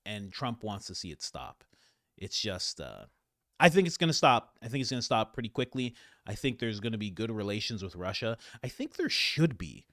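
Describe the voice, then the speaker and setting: A man hosting a casual political commentary, rambling and animated, with frequent fillers. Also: on the low side, normal speed, no echo, studio quality.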